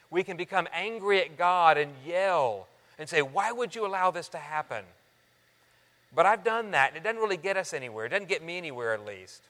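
A pastor delivering a sermon in a fairly high, bright voice. He pleads earnestly with his congregation as friends, rising to loud emphasis and dropping almost to a hush. A long reverb from the large sanctuary trails every phrase. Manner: earnest, swinging between loud emphasis and soft near-hushed lines.

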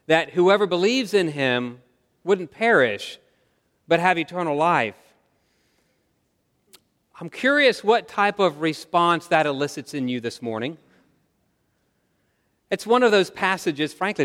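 Guy preaching a sermon, kinda high voice, talks to the congregation like a conversation, long church reverb. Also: a bit bright. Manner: earnest, conversational, asks the congregation questions. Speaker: pastor. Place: church sanctuary.

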